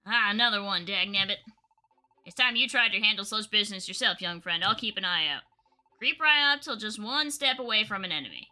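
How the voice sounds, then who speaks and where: A woman's voice: medium pitch, animated, fairly quick, bright, forceful tone, soft background music, voice pushed down. A woman voicing a folksy male leaf creature guide with a Southern drawl, reading game dialogue aloud. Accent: American Southern. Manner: drawling, homespun phrasing.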